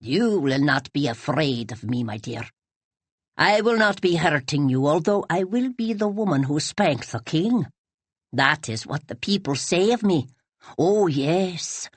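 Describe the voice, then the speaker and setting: A woman voicing a proud, formal old widow who speaks in slow, measured sentences in an audiobook. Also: fairly low pitch, slightly rough, dry recording.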